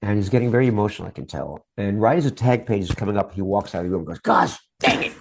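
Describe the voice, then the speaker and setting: A man's voice: on the low side, lively intonation, very fast, warm tone, slight background noise. A middle-aged man, a guest on an interview show, telling long stories about his work in TV promos in a casual chat style. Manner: long anecdotes, acts out quoted voices.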